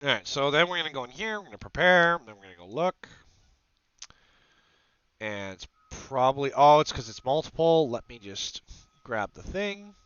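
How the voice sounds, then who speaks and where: Guy rambling through his 3d printer setup on a stream, clear smooth voice, dry close mic, a bit dull sounding. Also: mid-range voice, very animated, moderate pace, a bit bright, dry recording. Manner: rambling, talks to the audience and to himself. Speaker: maker channel host. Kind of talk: casual livestream talk while 3D printing.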